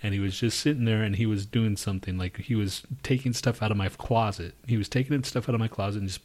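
A man co-hosting a podcast, telling a long, profane story in casual chat and bursting into shouted quotes. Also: fairly low pitch, steady tone, fast. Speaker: podcast co-host.

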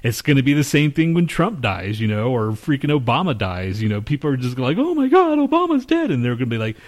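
A man's voice: mid-range voice, fast talker. Male podcast host, loose and rambling, mocking impressions, plenty of swearing. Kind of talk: casual chat.

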